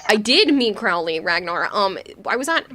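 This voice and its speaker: A woman's voice: mid-range voice, sing-song, moderate pace, pushed and bright, slight background noise. A young adult woman streaming, telling stories in a chatty way and laughing often. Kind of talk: casual gaming stream chat.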